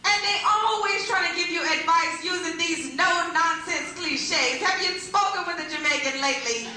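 A woman's voice: extremely high pitch, normal speed, sharp tone. A woman performing live stand-up comedy, working the crowd in a brash, salty way before an audience. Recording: echoey live venue, noisy.

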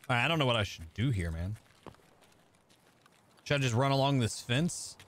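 A man streaming a game live, chatting casually with viewers and thinking out loud as he plays. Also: mid-range voice, expressive, normal speed, pauses often, a little hiss or hum. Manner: chatty, thinking aloud, talking to chat. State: out of breath. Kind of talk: casual live-stream chat while gaming.

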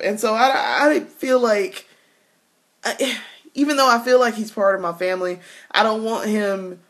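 A woman talking candidly in a casual personal vlog, laughing often and restarting her sentences. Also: medium pitch. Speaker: vlogger.

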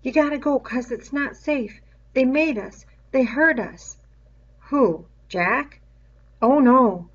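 A woman voicing frightened young twin boys who urge a friend to leave in anxious, hushed voices. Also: sits high, slow, dull audio, pitched above the performer's own voice. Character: frightened boy twins, nervous, urging.

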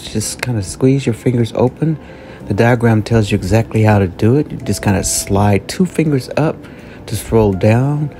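A man's voice: lowish voice, vocal fry, dark tone. A man hosting a casual product review vlog, talking in a chatty, upbeat way and repeating words for emphasis.

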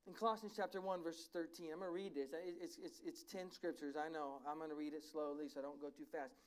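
Male preacher with a high voice, earnest sermon delivery that slows and swells on the key phrases. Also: fairly even intonation, poor audio. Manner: emphatic, slows and rises in volume to stress key words; explains scripture verse by verse in plain terms. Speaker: pastor.

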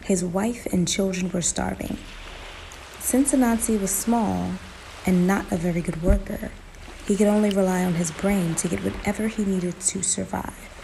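A woman narrating a folktale in a slow, emphatic storytelling manner, in a noisy recording. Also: medium pitch, fairly even intonation, vocal fry, mellow.

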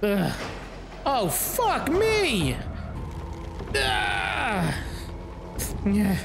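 A man giving let's play commentary, excitable, yelping and groaning, swearing, with mock-dramatic asides. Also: high-pitched, drawn-out words, gravelly, over loud music. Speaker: gaming YouTuber.

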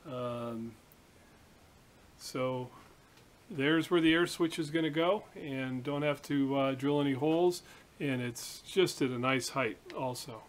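A man hosting a workshop video, chatting casually and telling a story in a relaxed, rambling way. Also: medium pitch, slow. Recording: echoey room from a distance, hiss.

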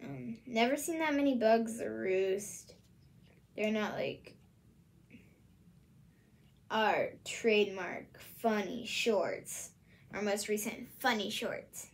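A woman's voice: mid-range voice, slow, gravelly, pauses often. A woman from the US Midwest, hosting a casual solo vlog and rambling hesitantly with many fillers. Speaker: channel host.

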